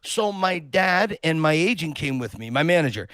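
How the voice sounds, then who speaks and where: Animated storytelling man, dry close sound. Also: a little high, moderate pace, no room sound. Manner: lively anecdote teller who acts out quotes. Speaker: podcast guest.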